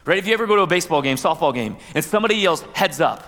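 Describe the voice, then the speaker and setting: A man's voice: on the high side, lively intonation, very fast, pushed and bright. Man preaching in an echoing hall. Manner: conversational preaching with asides and playful quoted voices. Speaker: pastor. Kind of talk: sermon. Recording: long hall reverb.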